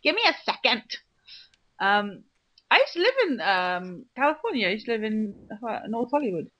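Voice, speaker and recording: A woman's voice: fairly high pitch, sing-song, moderate pace, bright, forceful tone. Teasing, laughing woman podcaster. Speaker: podcast co-host. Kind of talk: casual chat.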